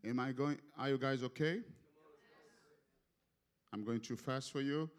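A man preaching a sermon, passionate and animated, often repeating words as he presses a point. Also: medium pitch, measured pace, smooth. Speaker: guest preacher. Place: church sanctuary.

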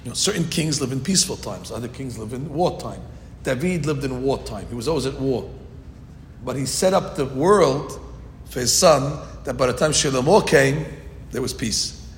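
A man giving an informal Torah class, telling the story lively acted-out voices. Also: mid-range voice, normal speed. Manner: animated storytelling, acting out quoted voices. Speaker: Torah teacher. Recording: echoey hall with faint noise.

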